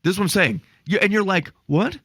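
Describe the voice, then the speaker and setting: A man's voice: high voice, expressive, brisk, a bit bright, breathy edge, dry recording. A man co-hosting a casual podcast about faith, telling stories with acted-out quotes and exasperated asides. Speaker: podcast co-host.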